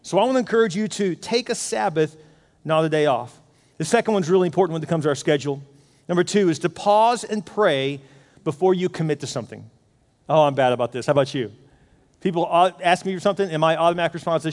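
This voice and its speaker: A middle-aged man preaching a sermon in a lively, animated way, acting out his own inner voice. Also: high-pitched, fast talker. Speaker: pastor. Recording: long hall reverb.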